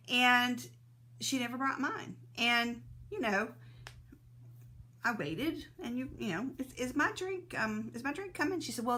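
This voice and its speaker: Chatty bright-voiced woman live-streaming. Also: fairly high pitch. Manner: chatty, greets viewers by name, laughs often. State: sneezy, teary-eyed. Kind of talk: casual live-stream chat greeting viewers.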